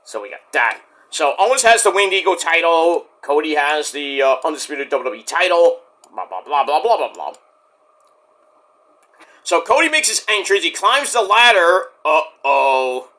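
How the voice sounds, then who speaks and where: A man casually recapping a wrestling show, swearing freely and acting out the wrestlers' lines in loud put-on voices. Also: a little high, very animated, moderate pace. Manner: profane, acts out quotes in big shouted voices.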